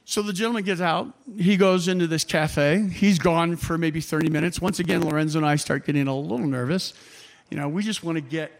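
A man with a notably high voice tells a travel story in a loose, rambling way. He keeps it animated and chuckles as he goes, with many casual fillers between his phrases. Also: fairly quick, gravelly. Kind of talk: personal travel anecdote.

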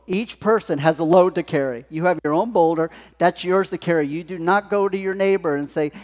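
A male pastor delivers a sermon in a chatty, storytelling way. His voice sits somewhat high for a man. A long church reverb trails after his words. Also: brisk, few pauses. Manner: conversational, animated storytelling. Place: church sanctuary.

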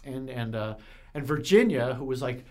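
A man at an average pitch for his sex tells a long, heartfelt story in casual conversation. He circles back on himself with frequent restarts and repeated words, and he speaks with open emotion about his work. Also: animated, normal speed, mellow. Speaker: guest, recovery center manager.

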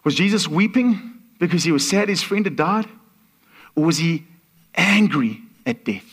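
High-voiced man preaching a sermon. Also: animated, measured pace, husky. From Portuguese. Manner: storytelling, acts out voices in quotes. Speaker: guest preacher.

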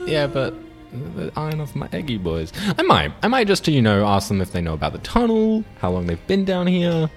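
A man's voice: on the high side, wildly swooping pitch, normal speed, soft background music. A man playing a tabletop game who laughs often and rambles casually. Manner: giggly, rambling. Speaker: player.

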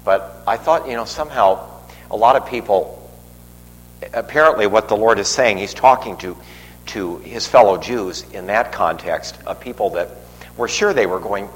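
A man's voice: fairly low pitch, normal speed. An older man preaching a homily, telling a rambling personal story with frequent restarts and fillers. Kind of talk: sermon. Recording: long reverb, faint noise.

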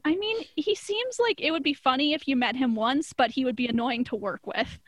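A woman's voice: high voice, a little fast, dry recording. A woman casually recapping a cartoon episode, chatty and often laughing mid-sentence. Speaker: podcast co-host.

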